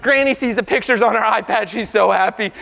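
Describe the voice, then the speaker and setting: A computer science professor giving an animated debate speech, firing rhetorical questions at the crowd. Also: male voice, high-pitched, brisk, gravelly. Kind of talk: lively debate speech to an audience. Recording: reverberant hall.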